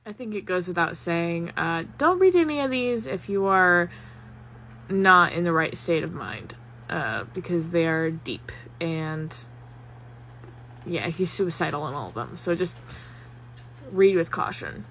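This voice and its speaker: A woman's voice: lowish voice, lively intonation, a little slow, fairly bright tone, a little hiss or hum. A woman in a casual vlog, chattily recommending fan stories with lots of fillers and rambling asides. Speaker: fanfiction reviewer.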